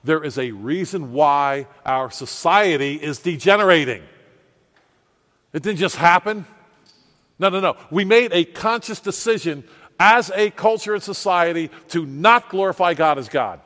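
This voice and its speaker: A man preaches with a slightly high voice that swings between fiery, raised outbursts and quiet, hushed asides. His words ring out with a long reverb that fills the church hall. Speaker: pastor. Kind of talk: sermon.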